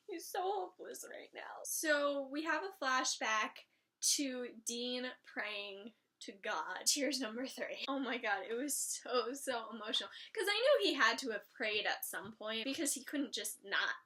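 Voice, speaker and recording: A young woman with a high, bright voice talks through a TV episode in a casual recap. She gushes and gets emotional, retelling scenes and acting out the characters' lines as she goes. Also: animated, unhurried. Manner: gushing, emotional retelling with acted-out quotes. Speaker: show recap vlogger.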